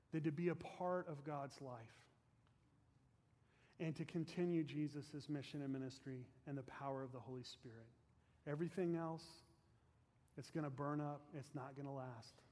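Preaching as pastor, a man with a fairly high voice tells a story with earnest fervor, his phrase ends dropping soft, then guides the congregation in prayer. His voice carries a long reverb tail.

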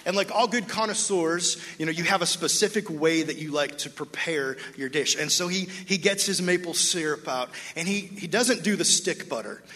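A high-pitched male preacher tells a story from the pulpit, acting out every character's lines with lively energy. His voice is bright and forceful, and it rings through a reverberant church sanctuary. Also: normal speed, hardly any pauses. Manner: animated, acts out dialogue, laughs with congregation. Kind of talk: sermon with storytelling. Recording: long hall reverb.

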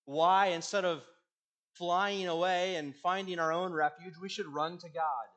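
A male pastor preaching a sermon, earnest, swinging between loud emphasis and quiet, hushed endings. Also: high-pitched, fairly even intonation, measured pace.

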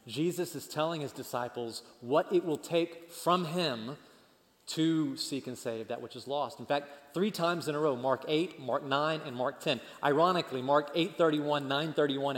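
A man preaching a sermon as pastor, animated and leading the congregation in call-and-response. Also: a little high. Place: church. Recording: long church hall reverb.

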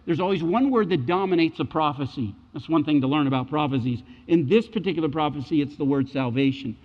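A man's voice: a little high, fast talker, big-room sound, dull audio. A middle-aged man preaching a sermon, emphatic and repeating key phrases for weight. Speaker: pastor.

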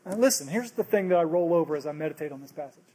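A man's voice: on the high side, expressive, rapid-fire, warm tone. A man preaching a sermon, earnest, often repeating and restarting phrases. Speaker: pastor.

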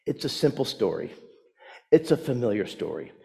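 A man's voice: medium pitch, very animated, moderate pace, creaky, warm tone. A man, a pastor, preaching a sermon and telling stories with rising emphasis. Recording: long hall reverb.

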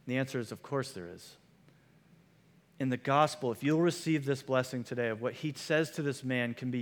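A man preaching a sermon as pastor, earnest and repeating key lines for emphasis. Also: mid-range voice. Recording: long hall reverb.

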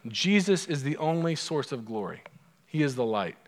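A man's voice: medium pitch, big pitch swings, normal speed. A man preaching a sermon as pastor, in a conversational, humorous storytelling manner. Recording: long hall reverb.

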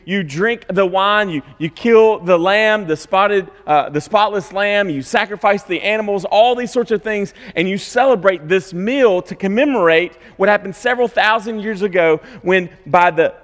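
A man's voice: sits high, a bit bright, long reverb tail. A man preaching a sermon in a conversational way, asking rhetorical questions and checking in with his listeners. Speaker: pastor.

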